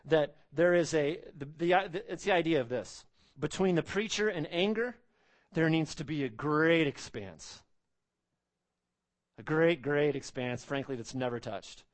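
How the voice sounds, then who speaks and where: A man's voice: on the high side, unhurried. A man preaching an expository sermon, emphatic, repeating phrases and asking rhetorical questions.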